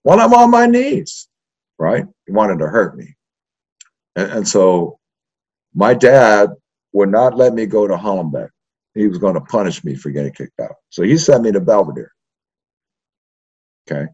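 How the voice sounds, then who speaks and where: This older man's voice is lowish and husky, moving at a moderate pace with long pauses. A history professor from East Los Angeles, he tells profane, animated stories from his youth in a casual interview, constantly adding "right?", on a dull lo-fi recording.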